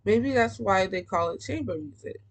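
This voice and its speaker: A woman's voice: medium pitch, lively intonation, normal speed, poor audio. A woman reading a young-adult novel aloud, breaking off for casual, slangy comments. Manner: casual slangy asides between passages. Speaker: book reader.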